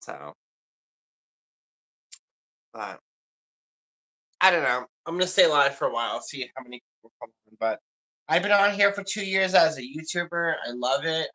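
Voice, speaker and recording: A man's voice: mid-range voice, moderate pace, pauses often, sharp tone, poor audio. A man chatting casually on a livestream, rambling and confiding in an emotional way.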